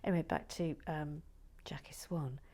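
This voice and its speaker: A woman hosting her channel in relaxed, playful chat, often dropping into whispered asides and stammering restarts. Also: low-pitched, moderate pace. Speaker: channel host building and reviewing brick sets. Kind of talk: relaxed casual chat to viewers.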